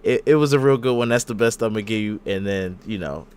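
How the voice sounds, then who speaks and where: A man co-hosting a podcast, retelling wrestling segments as an animated storyteller who acts out the wrestlers' lines. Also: lowish voice, fast, clear, resonant tone. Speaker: podcast co-host. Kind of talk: casual wrestling recap chat.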